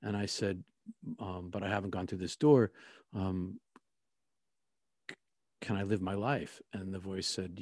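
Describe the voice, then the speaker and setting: A man recounting a personal experience in a reflective, halting way, often restarting his sentences. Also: low-pitched, fairly even intonation, darkish tone, dry recording, clean studio sound. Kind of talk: personal testimony.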